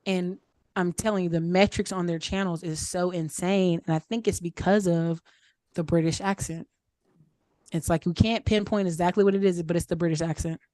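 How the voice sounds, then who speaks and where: This woman's voice is fairly low and darkish, recorded dry. As a mastermind group speaker doing casual Q&A coaching on an online call, she gives upbeat advice, chats with frequent fillers like "um" and "like," and repeats points for emphasis.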